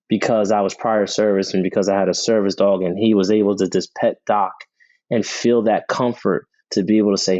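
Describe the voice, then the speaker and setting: Middle-aged man, podcast guest, earnest storyteller, low and warm, dull lo-fi sound. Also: no room sound. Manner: earnest, repeats words when starting sentences. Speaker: podcast guest, Army veteran. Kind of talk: conversational interview storytelling.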